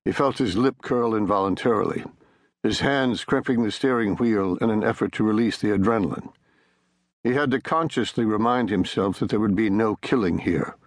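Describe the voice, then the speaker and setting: A man narrating a thriller audiobook in a tense, measured read. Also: fairly low pitch, no room sound.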